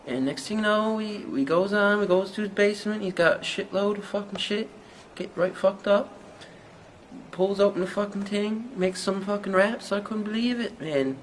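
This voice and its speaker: An actor with a Newfoundland accent playing a young small-town rapper who rambles through a hazy, profane story in an interview. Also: male voice, high-pitched, normal speed, slight background noise, lightly acted, poor audio. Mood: rambling. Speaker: mockumentary interviewee.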